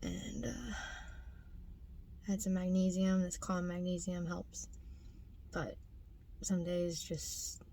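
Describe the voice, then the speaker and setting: A woman's voice: on the low side, flat delivery, takes it slowly, long pauses, warm tone, slight background noise. Breathless woman vlogging. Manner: breathless, often drops to a whisper. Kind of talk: casual vlog monologue.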